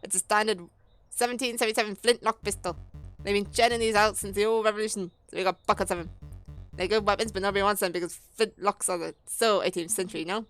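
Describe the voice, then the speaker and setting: A woman's voice: mid-range voice, fairly even intonation, fast talker, lightly acted, rough recording. A shady male crocodile arms dealer, as a woman puts him on, brusque and impatient, hawking his wares like a street hustler. Faint game music plays underneath.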